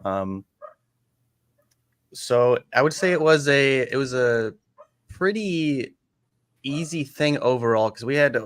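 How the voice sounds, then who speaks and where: Male guest, mid pitch, dry close sound, laid-back storyteller. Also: takes it slowly, long pauses, smooth, dry recording. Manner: relaxed storytelling, mild swearing. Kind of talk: casual chat.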